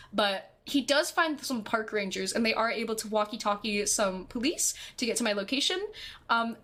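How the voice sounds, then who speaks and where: Cursing constantly, this animated young streamer spins a casual story for her stream chat and performs every quoted line. She speaks with a fairly high pitch.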